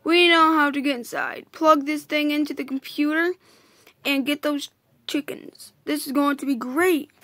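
A woman voicing a bossy female spider hacker, reading the lines aloud haltingly with restarts, in a high voice. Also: steady tone, fairly bright tone, dry recording. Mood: explaining, bossy.

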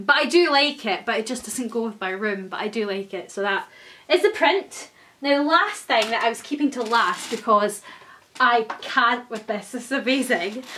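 A young woman, gushing and excitable as she chats through an unboxing for her vlog. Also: a little high. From Scotland. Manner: gushing, excitable, many exclamations. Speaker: vlogger. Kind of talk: casual unboxing chat.

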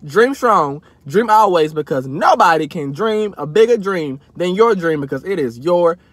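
A man doing a comedic mukbang rant, eating while talking with loud, exaggerated outrage, sitting in a parked car. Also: high voice, expressive, normal speed, no echo. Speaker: comedy vlogger.

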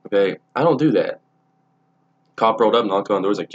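A young man with a fairly low voice tells a story casually, rambling and swearing with plenty of false starts. The sound is dull and lo-fi. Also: lively intonation, fairly quick. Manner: rambling, profane, frequent restarts. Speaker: vlogger.

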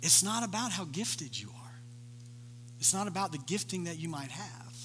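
Animated preacher man in a church hall. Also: a little high, a little hiss or hum. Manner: animated storytelling, acting out voices of the people in the story. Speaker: pastor. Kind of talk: sermon.

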